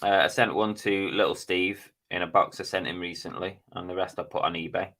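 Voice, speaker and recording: A middle-aged man reads viewers' names and comments while hosting a casual live stream. His low-pitched voice is steady, brisk, and a bit bright.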